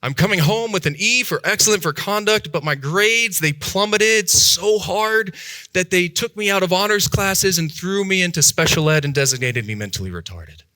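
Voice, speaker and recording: Animated man telling a harrowing story. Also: moderate pace, no echo, studio quality. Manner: animated, acts out voices, big pitch jumps and hushed drops. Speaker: speaker telling his life story. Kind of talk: dramatic personal storytelling talk.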